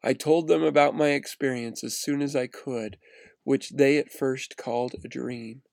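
Man with a gravelly narrating voice. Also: mid-range voice, normal speed, no room sound. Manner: earnest, steady reading with small restarts. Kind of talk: read-aloud first-person story narration.

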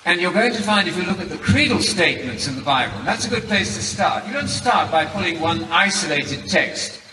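A British man with a bright, slightly high voice delivers a formal debate statement, measured and emphatic, slowing down to stress key words. He sounds far from the microphone in a big, echoing hall, with background noise audible.

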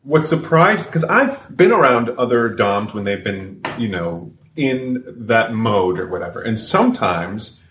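Halting man hosting, echoey room. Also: fairly low pitch, expressive, fairly bright tone. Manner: halting, restarts often. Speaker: podcast host. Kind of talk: casual interview conversation. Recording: echoey room with faint noise.

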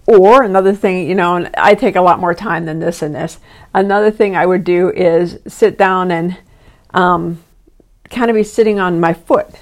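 Earnest woman in her sixties coaching listeners. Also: mid-range voice. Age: 60s. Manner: earnest, instructive, addresses listener directly. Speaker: podcast host and life coach. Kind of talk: self-help podcast talk.

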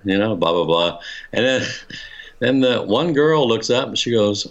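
A man's voice: lowish voice, moderate pace. An older man being interviewed, telling a personal story in a rambling, casual way, with many restarts and chuckles. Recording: dull lo-fi recording.

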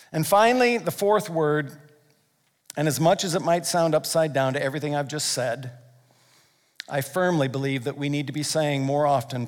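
A man with a high-pitched voice preaches a sermon, earnest and emphatic, dropping into soft, slow prayer between his loud points. His voice rings out with a long reverb, as in a large hall. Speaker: pastor.

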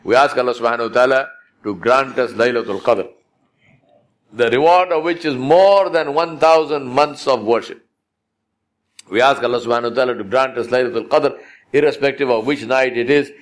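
A man's voice: mid-range voice, fairly quick. A man preaching a sermon, exhorting his listeners with emphatic repetition.

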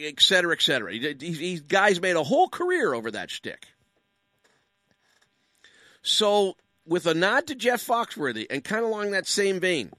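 A Canadian man in his late fifties, a public speaker giving a humorous storytelling monologue, animated and jokey, full of rhetorical questions and asides. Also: high-pitched, normal speed, no echo, clean studio sound.

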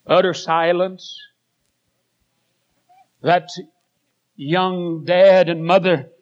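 A preacher, a man in his later years, delivering a sermon with dramatic storytelling that swings between loud passages and hushed ones. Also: on the high side. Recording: dull lo-fi recording.

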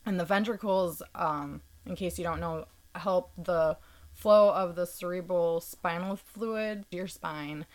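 A woman's voice: lowish voice, a little slow. A woman in casual conversation, earnestly explaining a medical ordeal step by step, with frequent fillers. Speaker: podcast guest.

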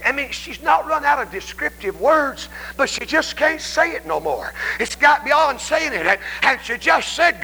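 A man preaching a revival sermon in a Southern American accent, telling folksy stories and swinging from shouts down to hushed whispers in a church. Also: very high voice, sing-song, normal speed, creaky, hardly any pauses. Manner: folksy storytelling. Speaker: evangelist preacher. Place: church sanctuary. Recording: faint hum on a 1990s church tape.

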